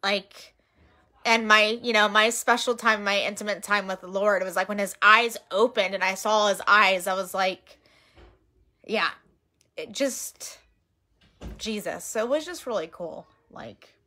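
A woman's voice: mid-range voice, measured pace. A woman casually recounting her outreach stories, earnest and emotional, acting out what people said to her. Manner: earnest, emotional, retells quotes in lively voices. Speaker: missionary sharing outreach stories. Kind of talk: casual storytelling chat.

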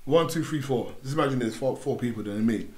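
A young man with a London accent talks through his stories in a relaxed podcast chat. His voice sits at an ordinary middle pitch, and he acts out other people's voices as he goes. The room sounds roomy, with a little echo. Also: fast talker. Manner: animated storytelling, acts out voices in his anecdotes. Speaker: podcast guest.

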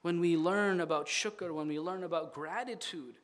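A man delivering a Friday sermon, telling a story with animated repetition and voicing the people in it. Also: on the high side, normal speed, heavy reverb, far from the mic. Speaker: imam giving a Friday sermon.

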